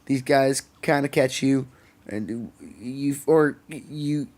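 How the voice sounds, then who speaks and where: Speaking slowly in a slightly mellow, mid-range voice, a young man with a Canadian accent co-hosts a podcast. He rants sarcastically and curses frequently in casual conversation, recorded on a podcast mic.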